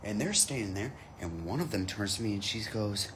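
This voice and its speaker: A man's voice: fairly low pitch, lively intonation, a little fast, fairly bright tone, slight background noise. A man telling a comic anecdote in a casual, profane way, jumping into quoted voices. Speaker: comedian telling a story.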